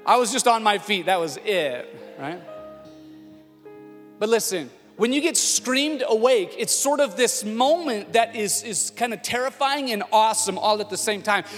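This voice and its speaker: A man in his thirties, a lead pastor, preaching a sermon with animated storytelling that swings between hushed tones and shouting. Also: high voice, unhurried. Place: church auditorium. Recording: long hall reverb with faint music.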